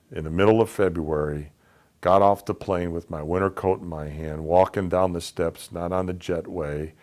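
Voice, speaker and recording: A man's voice: low voice, darkish tone. A man telling a personal story in a casual, conversational way, acting out the voices of people in it. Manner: conversational, acts out quoted dialogue. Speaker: speaker telling his life story.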